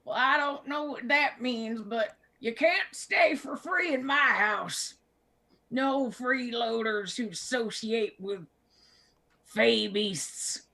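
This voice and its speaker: A woman voicing a cranky old village man who scolds loudly, in a tabletop role-play game. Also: on the high side, takes it slowly, full character voice. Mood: scolding. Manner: loud, scolding.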